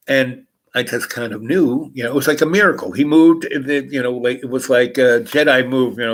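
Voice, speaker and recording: A man's voice: mid-range voice, normal speed, hardly any pauses, rough recording. Rambling man telling a story. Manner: rambling, many fillers and restarts. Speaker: host. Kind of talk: casual anecdote telling.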